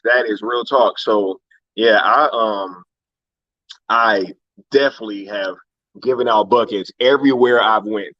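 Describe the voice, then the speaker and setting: Relaxed male host from Inglewood, California, slangy, chuckling, muffled lo-fi mic. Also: fairly low pitch, no room sound. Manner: laid-back, laughs often, heavy slang. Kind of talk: casual live-stream chat.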